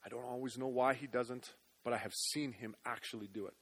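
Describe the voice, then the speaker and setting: A man's voice: mid-range voice, fairly even intonation, fairly quick. Earnest male pastor preaching. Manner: earnest, dropping to hushed tones then rising loud. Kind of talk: sermon. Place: church.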